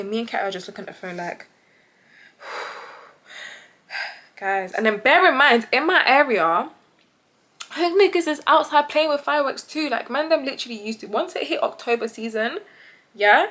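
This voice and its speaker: A young British woman vlogger telling a story casually, animated and laughing often, acting out the voices of the people in it. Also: a little high, a little slow, pauses often.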